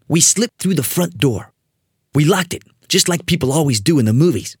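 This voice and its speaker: Expressive storyteller with a husky voice. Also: mid-range voice, normal speed, no echo, clean studio sound. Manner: expressive, building suspense. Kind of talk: dramatic read-aloud of a spooky children's story.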